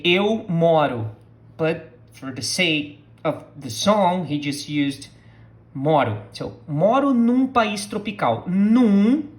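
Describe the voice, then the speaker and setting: Modeling words for the learner to say back, this slow, deliberate teacher from southern Brazil gives a language lesson in a mid-range voice. Portuguese is the speaker's first language.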